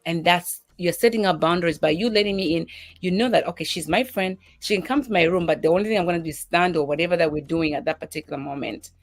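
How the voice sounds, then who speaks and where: A woman co-host and mother, telling everyday stories in casual chat with lively acted-out exchanges. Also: on the low side, fast. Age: adult mother. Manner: animated storytelling, voices her daughter and herself.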